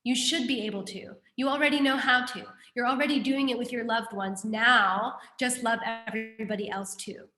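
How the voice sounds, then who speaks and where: Animated woman teaching in a roomy space. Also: on the high side, moderate pace, few pauses. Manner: animated, conversational explaining with questions to the class. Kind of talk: classroom teaching on a Buddhist text.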